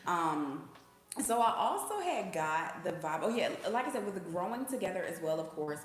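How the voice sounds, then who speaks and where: A woman's voice: lowish voice, sing-song, normal speed. A woman hosting a casual spiritual reading, talking to viewers in a slangy, chatty way and often checking in with "okay?". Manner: breaks into sung snippets. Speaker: intuitive reader, channel host. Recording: echoey room.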